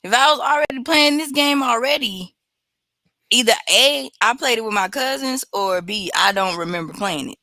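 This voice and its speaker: A woman's voice: fairly high pitch, moderate pace, sharp tone, dry recording. A woman co-hosting a podcast, chatty and playful, laughing often. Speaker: podcast co-host. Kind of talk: casual chat.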